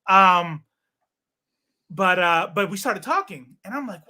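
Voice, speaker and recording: A man in his thirties telling stories in a casual chat, animated, swearing and acting out what people said. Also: sits high, moderate pace. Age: 30s. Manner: animated, swearing, acts out quoted dialogue. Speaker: podcast guest.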